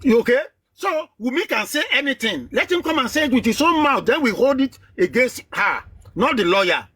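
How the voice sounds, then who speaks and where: A man who speaks in a very high, bright, lively voice. His tone is husky and a bit rough. He makes emphatic, lecturing points and repeats them. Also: a little fast, dry recording. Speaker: debate participant. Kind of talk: heated online live debate.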